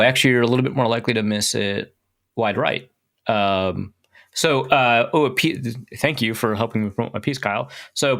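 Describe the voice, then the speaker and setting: A young man with a bright, forceful voice tells a story on a podcast. He is animated and self-mocking, and he laughs as he talks. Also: medium pitch. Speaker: podcast co-host. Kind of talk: casual storytelling chat.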